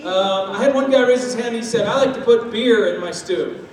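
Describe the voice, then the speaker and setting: Man, high voice, animated speaker on stage, heard from far off in a big hall. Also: normal speed. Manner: lively, uses homely food analogies and acted-out quotes. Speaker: speaker on step parenting. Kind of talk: talk with audience. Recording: echoey hall from far off, faint ambience.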